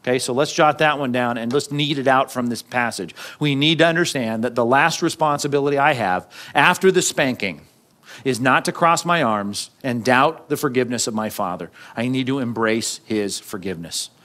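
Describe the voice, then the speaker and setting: A man's voice: on the high side, a bit bright. A man preaching a sermon in a conversational way, acting out quotes and adding jokey asides. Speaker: pastor.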